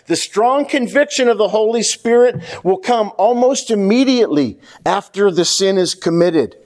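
A man with a notably high voice, preaching a sermon to his church. He speaks with earnest conviction and talks straight to the congregation. He often repeats a key phrase two or three times to drive it home. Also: expressive, moderate pace, few pauses, a little mellow. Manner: addresses the congregation directly. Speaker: pastor.

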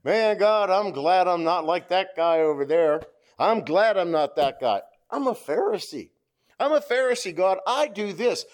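A man's voice: sits high, lively intonation, measured pace. A man voicing a self-important Pharisee who brags to God in a raised, boastful voice. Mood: smug boasting. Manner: bragging, repeating himself to God. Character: smug boastful male Pharisee, self-important religious leader.

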